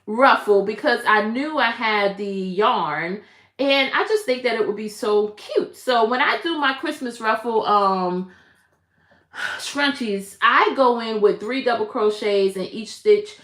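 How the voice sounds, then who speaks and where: Bright, high woman host for a casual crochet stream; chatty and greets viewers by name. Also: measured pace. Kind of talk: casual live-stream chat. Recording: echoey room.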